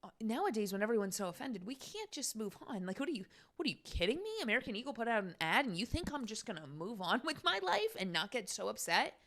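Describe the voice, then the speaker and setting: A woman's voice: fairly high pitch, sing-song, fast talker, fairly bright tone. A young adult woman hosting her own podcast, talking in a casual, exasperated rant full of fillers and sarcasm. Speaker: podcast host.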